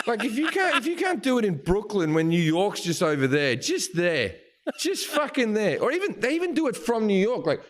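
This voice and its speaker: A man's voice: high voice, moderate pace. A middle-aged Australian comedian in a podcast interview, swearing and mocking as he rants. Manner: swearing, animated, mocking impressions. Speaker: comedian guest. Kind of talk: podcast interview, comic rant.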